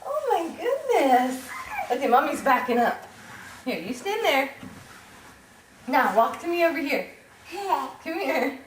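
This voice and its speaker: A mother coaxing her baby girl to walk, cooing in baby talk, laughing and close to tears. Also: high-pitched. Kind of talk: home video, coaxing a toddler. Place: living room at home. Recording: echoey room with background noise.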